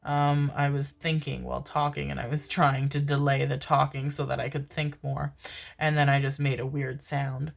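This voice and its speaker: A woman's voice: rumbling low, flat delivery, moderate pace, vocal fry. A woman giving a casual tarot reading, chatty and self-mocking, often calling her listeners "my darlings" and laughing at herself. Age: adult parent. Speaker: tarot reader.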